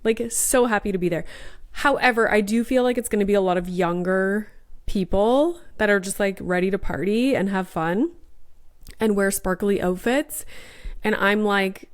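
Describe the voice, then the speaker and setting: Gushy mom podcast lady chatting away, smooth clear voice, getting over a sinus infection. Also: medium pitch, moderate pace. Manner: bubbly, chatty, gushing. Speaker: podcast host. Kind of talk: casual chat.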